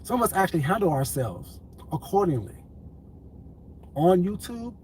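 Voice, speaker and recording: A man streaming on YouTube, speaking in a calm, controlled, deliberate way and repeating his points for emphasis. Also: sits high, a little hiss or hum, poor audio. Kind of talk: heated livestream commentary.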